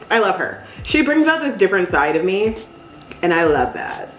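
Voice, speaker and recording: A woman's voice: low-pitched, expressive, a little fast, roomy sound, soft background music. A woman in her thirties talking candidly in a casual, rambling vlog while decorating cookies, using lots of fillers. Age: 30s. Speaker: vlogger.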